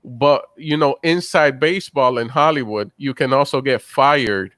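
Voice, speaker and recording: Mid-pitched man in a dry room. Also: measured pace, fairly bright tone, no echo. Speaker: comedian, podcast co-host. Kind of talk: casual podcast chat.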